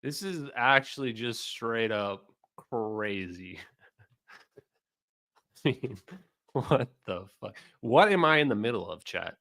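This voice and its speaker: A man's voice: mid-range voice, animated, slow pace, creaky, long pauses, fairly bright tone. A man hosting a livestream, reacting to a clip in a mocking, profane way and talking to his chat. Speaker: streamer host.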